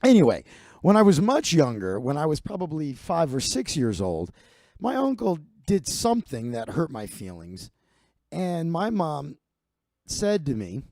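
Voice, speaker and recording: A man's voice: a little high, sing-song, a little slow, a little mellow, no room sound. A man in his forties, a comedian host telling a rambling, profane story full of fillers and restarts. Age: 40s.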